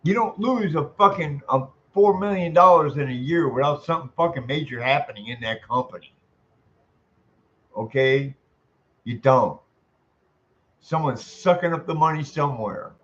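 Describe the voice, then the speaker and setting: Man, angry profane rant, fairly high voice, dull lo-fi sound. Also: normal speed, long pauses, fairly bright tone. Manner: profane, exasperated ranting. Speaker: vlogger. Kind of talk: angry venting monologue.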